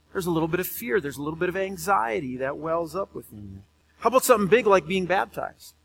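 High-voiced male pastor preaching casually. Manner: conversational, repeats words when excited. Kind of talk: sermon.

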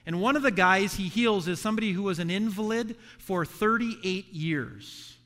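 A man preaching a sermon as a pastor, animated and voicing the characters in the story. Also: high-pitched, moderate pace. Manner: animated preaching, acts out the sons' voices. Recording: echoey hall reverb.

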